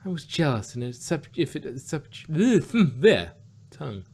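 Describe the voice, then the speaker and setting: A man's voice: fairly high pitch, big pitch swings, a little slow, a little mellow, a little hiss or hum. A man voicing a sweet young pony filly who is secretly sly, reading her lines as a pleading, breathless apology.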